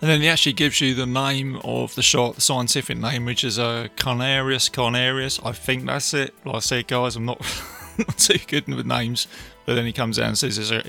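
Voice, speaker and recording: A man casually recapping a film, chatty and enthusiastic, tossing in quick impressions of lines. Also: medium pitch, vocal fry, bright, forceful tone. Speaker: film reviewer.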